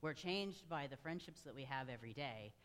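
A man's voice: medium pitch, animated, fairly quick, a bit bright. A man preaching a sermon in a church, earnest and conversational, speaking directly to his congregation. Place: church sanctuary. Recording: long reverb of a large room.

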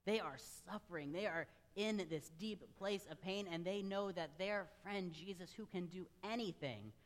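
A man's voice: high voice, normal speed. Earnest male preacher in a reverberant church. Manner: earnest, conversational preaching with direct asides to the congregation. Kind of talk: sermon. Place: church sanctuary. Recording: long reverb of a large room.

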